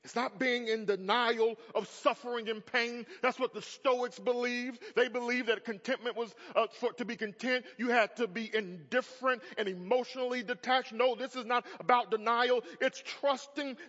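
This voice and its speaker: A man in his thirties preaches with a very high voice, swinging from hushed tones to loud emphatic peaks. His words ring through a large hall with a long reverb tail. The sound is muffled and lo-fi. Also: fairly even intonation, moderate pace, few pauses. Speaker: pastor. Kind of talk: sermon.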